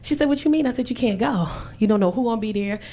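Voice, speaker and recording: A woman in her forties doing a loud, profane stand-up set at a comedy club, telling stories brashly into a handheld mic. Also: mid-range voice, fast. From Los Angeles. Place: comedy club stage with a laughing audience. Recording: noisy live club recording.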